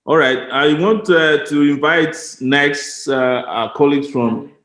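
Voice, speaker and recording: A man moderating an online rally, calling on speakers in a halting, filler-heavy way. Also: on the high side, a bit bright. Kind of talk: hosting a video call. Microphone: video call. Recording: roomy call audio.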